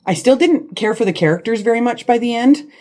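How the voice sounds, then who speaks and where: A woman's voice: on the high side, expressive, a little fast, mellow. A woman chatting about books in a casual vlog from her living room, rambling and hesitant with many restarts. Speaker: book vlogger. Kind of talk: casual chat.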